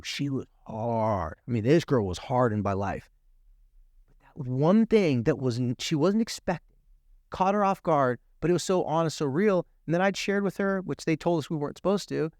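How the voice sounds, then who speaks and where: A man's voice: on the high side, lively intonation, normal speed, a little mellow, no room sound, studio quality. A man appearing as a guest on a TV talk show, telling a personal story earnestly and emphatically, acting out the quoted dialogue. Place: TV studio.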